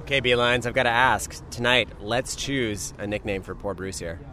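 Male host, soft-spoken, easygoing questions, street interview outside a club. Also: mid-range voice, moderate pace. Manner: friendly, plain questions, quiet. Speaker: podcast host. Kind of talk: interview hosting.

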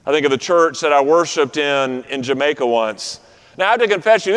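A pastor preaching a sermon to his congregation, with a rhythmic, repetitive preaching cadence that slows on key phrases. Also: high voice, fairly bright tone, smooth. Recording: long reverb of a large room.

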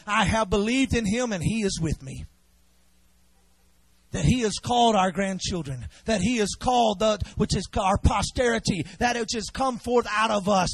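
A man from preaching a fiery revival sermon, swinging from shouted exhortation to low, intense urging and leading the congregation in call-and-response. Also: moderate pace, no room sound.

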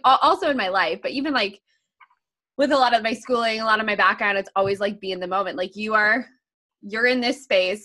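Animated young woman telling stories with laughs. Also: medium pitch. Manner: animated storyteller, laughs often, swears casually. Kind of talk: casual chat.

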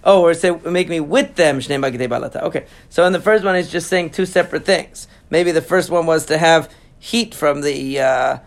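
A man teaching in a casual study session, reading Aramaic passages aloud and then translating and explaining them in a halting way, with many fillers and restarts. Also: on the high side. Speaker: Talmud teacher.

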